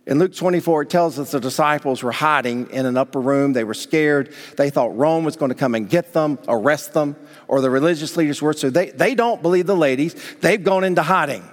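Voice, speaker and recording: Higher-voiced man preaching in a reverberant hall. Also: brisk. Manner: conversational preaching with rhetorical questions to the congregation. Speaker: pastor. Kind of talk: sermon. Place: church sanctuary.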